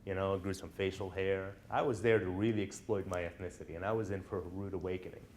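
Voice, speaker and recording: A man with a low-pitched, darkish voice speaks fast in a steady tone, lecturing college students in a classroom. He tells personal stories conversationally and often checks in with the class.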